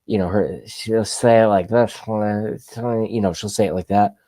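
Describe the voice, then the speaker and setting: Brief: livestream host, man in his 30s, low pitch, dry close sound, sarcastic and rambling. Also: steady tone, a little slow, dark tone, dry recording. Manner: sarcastic, rambling, talks to the chat. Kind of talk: ranting opinion commentary.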